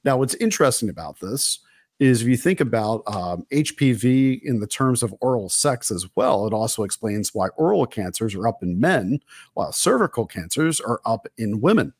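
A man hosts a casual talk radio chat while running a fever, speaking in an easygoing, rambling way. His voice sits at a middle pitch. The sound is dry and close to the mic. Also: normal speed, dry recording. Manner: relaxed, chatty, with fillers and laughs. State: feverish with covid. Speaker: host.

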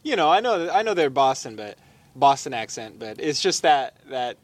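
A man's voice: medium pitch, very animated, moderate pace, no room sound. A man co-hosting a podcast outdoors by a campfire, playful and crude, trying out silly accents. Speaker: podcast co-host. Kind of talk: casual chat.

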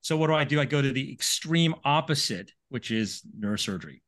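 Male guest, lively storyteller, conversational. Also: medium pitch, fairly quick. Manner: animated storyteller. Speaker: guest, neurosurgery professor. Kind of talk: storytelling in an interview.

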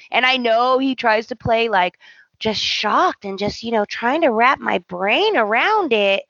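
A woman co-hosting a podcast, recapping a soap opera in blunt, animated casual chat and swearing freely. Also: on the high side, measured pace, husky, no room sound, lo-fi sound. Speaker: podcast co-host.

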